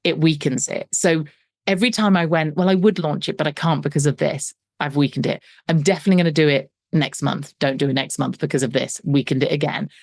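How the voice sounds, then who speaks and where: Her deep voice holds a steady tone as she speaks briskly, captured in a dry, studio-quality recording. The middle-aged business coach, a guest in an interview, narrates her story with animation, performing the dialogue and poking fun at herself.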